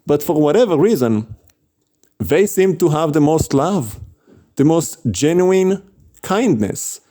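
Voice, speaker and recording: A man's voice: a little high, animated, slow pace, mellow. A man casually telling a story about street preaching, chatty, with frequent laughs and fillers.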